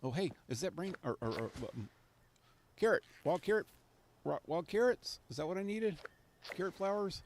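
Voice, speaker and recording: Male streamer, gravelly, lively pitch, casual self-talk gameplay commentary over game music. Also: normal speed, slight background noise. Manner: rambling talk to himself, easily amused. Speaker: live streamer.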